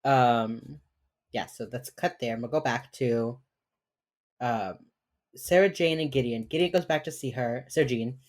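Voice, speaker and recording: A woman's voice: rumbling low, unhurried, darkish tone. A woman co-hosting a podcast, rambling through a TV episode recap, swearing casually and laughing often. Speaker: podcast co-host.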